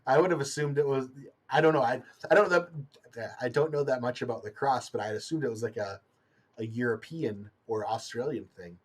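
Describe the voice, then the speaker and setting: A man's voice: medium pitch, fairly quick. A young man hosting a loose, casual online chat show. He laughs easily and talks hesitantly, stopping and restarting with plenty of ums. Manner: giggly, hesitant, lots of ums. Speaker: host.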